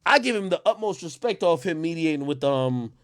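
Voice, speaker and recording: A man hosting a casual livestream, telling stories in a rambling, animated way with many fillers. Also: a little high, brisk. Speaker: livestream host.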